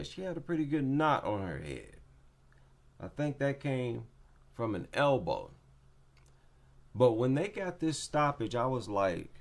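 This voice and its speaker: Slow, opinionated man breaking down fights. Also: mid-range voice. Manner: slow, opinionated, repeats points for emphasis. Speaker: MMA commentator.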